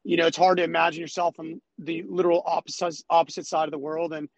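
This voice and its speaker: Young male guest, higher voice, dry close sound, laid-back. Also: fast talker, no echo. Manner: relaxed, rambling with fillers. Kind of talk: casual chat. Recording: dry, slightly dull sound.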